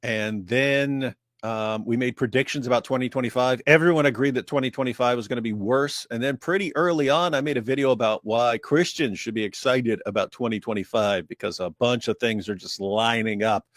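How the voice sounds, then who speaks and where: A man's voice: medium pitch, brisk, hardly any pauses, no room sound, studio quality. A man co-hosting a casual livestream, talking things through with restarts. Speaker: livestream co-host.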